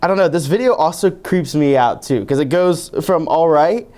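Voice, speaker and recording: A man's voice: fairly high pitch, animated, normal speed, mellow. A young man co-hosting a casual chat about viral videos, talking in a hesitant, rambling way and laughing often. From Germany. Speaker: co-host.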